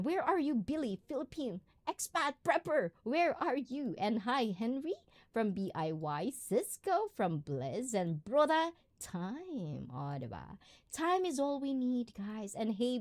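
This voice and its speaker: A woman talks through a casual live stream, greeting her viewers one by one and answering their comments. Her voice rises and falls widely as she chats, and she keeps an unhurried, easy pace with frequent giggles. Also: fairly high pitch, very animated, a little mellow. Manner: chatty and giggly, often trailing into laughter. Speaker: livestream host.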